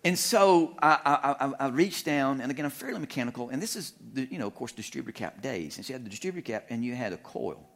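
A middle-aged man preaching in a church, telling a humorous story with animated, self-deprecating delivery and frequent chuckles. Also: mid-range voice, quick pace, few pauses. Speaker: guest preacher. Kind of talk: storytelling sermon. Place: church sanctuary.

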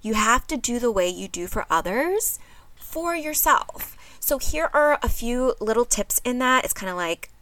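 A woman's voice: fairly high pitch, lively intonation, a little slow, fairly bright tone. A woman hosting a self-help podcast, talking earnestly and encouragingly to her listeners. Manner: casual with frequent fillers. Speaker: podcast host.

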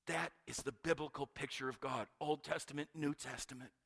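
A man preaching a sermon, swinging from loud urgent calls to hushed near-whispers and often repeating words. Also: medium pitch, fairly even intonation, brisk, vocal fry, slightly rough. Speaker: pastor.

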